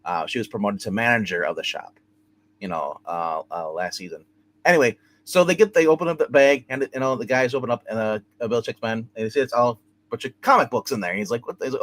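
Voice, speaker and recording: A man's voice: medium pitch, brisk. Rambling man recapping a TV episode. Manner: rambling, animated retelling with acted quotes and swearing. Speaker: show host reviewing a TV episode. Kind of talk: casual recap chat.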